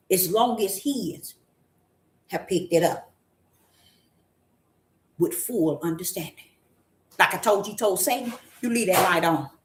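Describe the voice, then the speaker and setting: A woman prophetess preaching to her listeners, emphatic and colloquial, with repeated, drawn-out stresses. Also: lowish voice. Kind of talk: preaching to an audience. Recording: echoey room with faint noise.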